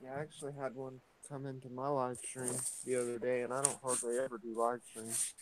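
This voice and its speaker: Heading out into his yard at home, a vlogger hosts a morning chat in a mid-range voice at a brisk pace, and the recording is very noisy. He's relaxed and meandering, hesitating with frequent fillers and restarts.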